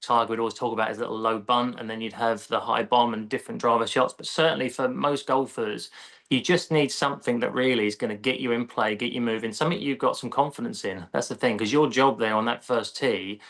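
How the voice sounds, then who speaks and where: English male golf coach, mid-pitched, easygoing conversational delivery. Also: fairly quick, creaky. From England. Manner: relaxed, explanatory, conversational. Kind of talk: casual podcast interview.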